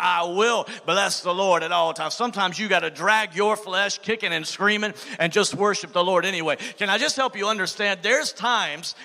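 A man's voice: high-pitched, moderate pace, hardly any pauses, sharp tone, big-room sound. A man pastor preaching a sermon, calling out to the congregation for responses. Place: church sanctuary.

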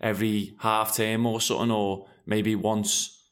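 A man's voice: lowish voice, little pitch movement, measured pace. A middle-aged former footballer and father talking frankly in a rambling, casual conversation, often restarting his sentences. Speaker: former pro footballer guest.

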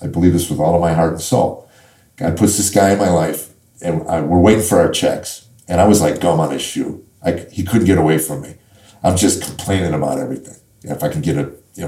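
A man's voice: low-pitched, mellow. A middle-aged man, a comedian, giving a conversational faith testimony in an interview, often repeating and restarting words as he talks. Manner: halting storyteller, repeats words, acts out quotes. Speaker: comedian guest. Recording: echoey room, distant mic.

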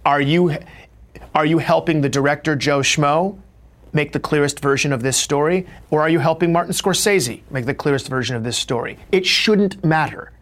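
Speaking at normal speed in a slightly high voice, the middle-aged actor recounts stories with energy during a reflective guest interview, performing the quoted voices himself.

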